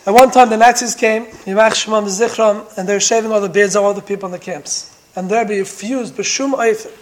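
A man with a strikingly high voice delivers a Torah lesson in the manner of a sermon. He presses his points with one rhetorical question after another. His stories build through dramatic repetition. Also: fairly even intonation, fairly quick, rough recording. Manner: emphatic, full of rhetorical questions. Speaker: Torah teacher.

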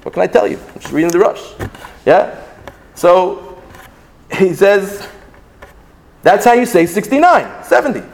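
A man teaching a Talmudic lesson, reading Hebrew texts aloud and explaining them in an animated, sing-song way with many restarts. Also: sits high, a little slow, creaky, pauses often, slight background noise. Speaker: Torah teacher. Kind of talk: Talmudic lecture.

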